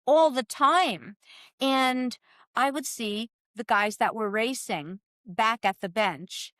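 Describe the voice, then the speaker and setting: A woman in her sixties from the US East Coast, telling animated stories as a guest in a casual chat and laughing often. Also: on the high side, slow pace, no room sound, studio quality.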